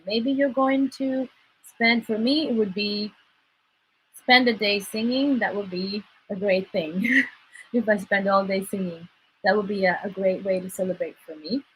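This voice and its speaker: A woman's voice: mid-range voice, fairly bright tone, a little hiss or hum, poor audio. A woman leading a live-streamed goal-setting workshop as a life coach, talking earnestly and encouragingly, often repeating words for emphasis. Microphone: livestream mic.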